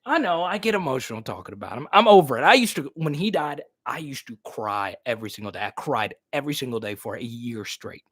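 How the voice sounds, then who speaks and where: A man's voice: medium pitch, very animated, fast talker, hardly any pauses, a bit bright, dry recording, studio quality. A man hosting a casual live stream. He laughs often and repeats himself as he talks. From New Roads, Louisiana.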